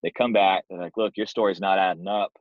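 Low-voiced man telling a story. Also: steady tone, fairly quick, no room sound. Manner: easygoing, self-deprecating anecdote teller. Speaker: guest, door-to-door sales manager. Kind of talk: casual storytelling. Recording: dull, dry lo-fi sound.

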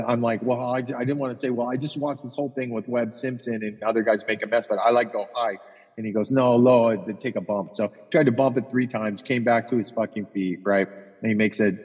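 A man with a husky, slightly breathy voice tells rambling golf stories in a casual podcast chat. He swears freely and keeps restarting his sentences. His voice carries a long reverb, as if in a hard-walled room. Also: fairly low pitch, a little mellow. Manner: profane, rambling anecdotes with repeated restarts. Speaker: golf caddie and podcast co-host.

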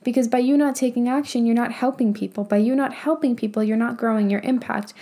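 Mellow-voiced, chatty young woman podcaster. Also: fairly high pitch, steady tone, fast. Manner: chatty, heavy use of "like", swears casually. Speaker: podcast host and business coach. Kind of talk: casual motivational podcast talk.

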